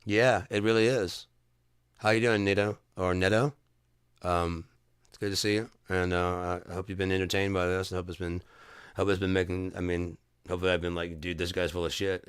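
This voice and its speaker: A man's voice: sits low, a bit bright, smooth, no room sound, clean studio sound. A man hosting a casual livestream chat, ranting heatedly with frequent swearing and rambling restarts. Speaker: livestream host.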